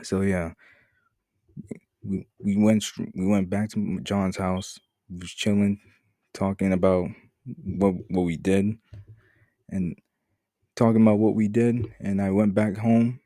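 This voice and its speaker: Deep-voiced young man telling a story. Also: flat delivery, a little slow, long pauses, warm tone, no room sound, clean studio sound. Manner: casual, profane, rambling with restarts. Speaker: vlogger. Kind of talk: story time vlog.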